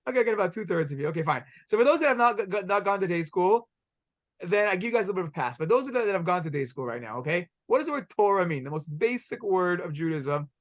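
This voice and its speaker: A high-pitched, sing-song, fast voice belongs to a middle-aged rabbi teaching halacha. He lectures and quizzes his students energetically, giving Hebrew words an Israeli pronunciation.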